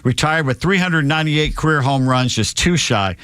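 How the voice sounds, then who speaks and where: A man's voice: fairly high pitch, normal speed, fairly bright tone, clear, resonant tone, dry recording. A man hosting a live radio show, reading sports and news items with sardonic jokes.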